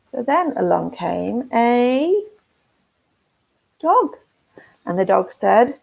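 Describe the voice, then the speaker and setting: Woman, children's nature-group leader; gentle sing-song story reading for toddlers, slightly high, gravelly and husky. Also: big pitch swings, very slow, long pauses, poor audio. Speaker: forest school leader. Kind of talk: reading a picture book to toddlers. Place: at home.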